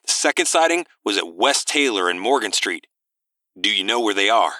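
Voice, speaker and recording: A brisk, businesslike male FBI agent, read by a male narrator. The voice sits a bit above the narrator's own low voice, dry and close. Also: sing-song, bright, forceful tone, dry recording.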